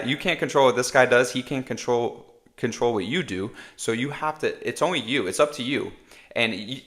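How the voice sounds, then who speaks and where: Man, lowish voice, relaxed, chatty, motivational live stream host. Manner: relaxed and conversational, with filler tags. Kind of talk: casual motivational talk.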